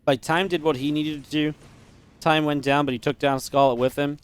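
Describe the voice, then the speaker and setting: A man giving live play-by-play commentary on a strategy game match, chatty and upbeat with quick reactions. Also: on the high side, steady tone, clean tone. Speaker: esports caster.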